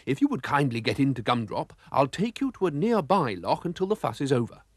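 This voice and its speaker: A man voicing a polite, gentle old gentleman who stammers a little. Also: medium pitch, big pitch swings, a little fast, no room sound, studio quality.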